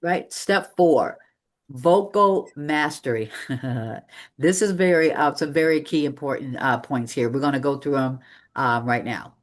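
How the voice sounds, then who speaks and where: A public speaking coach teaches a live room with an energetic, emphatic delivery and a mid-range voice. The pace keeps shifting, slowing on key points and speeding through transitions. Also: medium pitch. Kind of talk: live training presentation. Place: meeting room with an audience.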